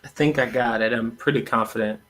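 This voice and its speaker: A man's voice: mid-range voice, fairly even intonation, fairly quick, a bit bright. A man in casual chat, curiously repeating the phrases back in a light-hearted way. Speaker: co-host.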